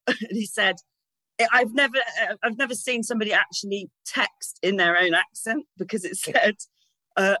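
A woman in her thirties tells candid, sweary stories with frequent laughter. Her voice is bright and forceful, heard close and dry. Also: mid-range voice, animated, moderate pace, no echo, rough recording. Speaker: guest. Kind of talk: casual chat.

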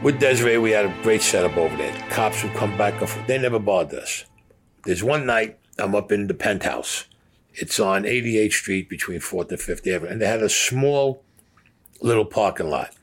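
A man's voice: fairly low pitch, animated, moderate pace, husky, faint music behind. A man telling blunt, profane stories from his past as an interviewee, acting out the voices of the people he quotes. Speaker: interviewee recounting mob stories. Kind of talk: casual storytelling.

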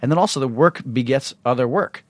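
A man's voice: mid-range voice, a little fast, no room sound. A man co-hosting a podcast, chatting casually and swearing a lot. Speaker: podcast co-host. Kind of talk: casual profane podcast chat.

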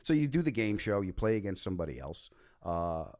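Excitable man telling animated stories. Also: fairly low pitch, brisk. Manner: excitable, animated storyteller with loud bursts. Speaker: podcast guest. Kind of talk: casual storytelling chat.

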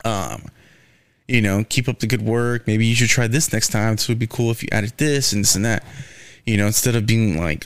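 A man's voice: fairly low pitch, steady tone, moderate pace, smooth, dry recording. A young man hosting his own podcast, rambling casually with lots of swearing and fillers like "man" and "you know". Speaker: podcast host. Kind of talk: casual solo podcast rant.

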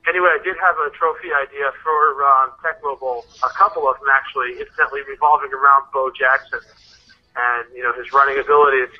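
A man leaving a relaxed, somewhat halting voicemail for a podcast. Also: mid-range voice. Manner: relaxed, easygoing, a bit halting. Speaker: caller. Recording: dull phone-line voicemail.

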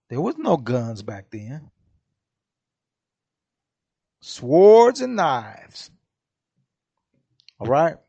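A man hosts a podcast in an impassioned monologue, blunt and profane with heavy street slang. He talks slowly while his pitch swings widely for emphasis. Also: gravelly, a little mellow, husky. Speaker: podcast host.

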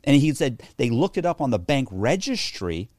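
A man's voice: medium pitch, moderate pace, no room sound, studio quality. A man telling a story in a casual interview, acting out the voices of the people he quotes. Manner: animated, acts out quoted voices. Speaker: interview guest.

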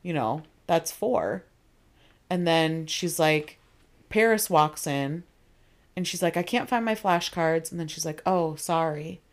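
Young woman, podcast co-host, casual recap, slightly low voice, quoted asides. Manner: retells scenes in quick quoted asides, laughs often. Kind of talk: casual chat recapping a TV episode.

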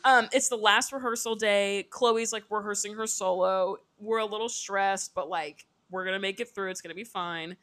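A woman's voice: medium pitch, fairly even intonation, normal speed, hardly any pauses, a bit bright. A woman hosting a casual podcast, chattily recapping scenes and swearing freely. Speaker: podcast host. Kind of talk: casual chat.

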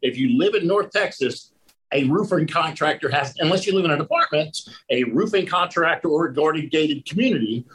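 A man, a roofing contractor, telling lively stories in a casual conversation and acting out the people in them. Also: on the high side, a little fast, slightly rough, rough recording. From Pennsylvania. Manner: animated storyteller who acts out the people in his story.

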